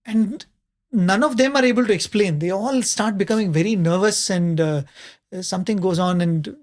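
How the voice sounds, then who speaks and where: A man, a panelist telling a spiritual story in a conversational way, often pausing with fillers and soft laughs. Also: high voice.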